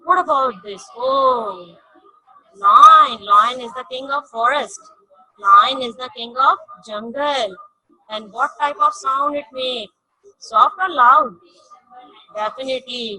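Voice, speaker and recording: A high, bright woman's voice with a husky edge. She teaches a children's science lesson slowly, repeating words and leaning on each key point. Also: poor audio. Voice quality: non-native English grammar. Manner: slow, repetitive, emphatic teaching.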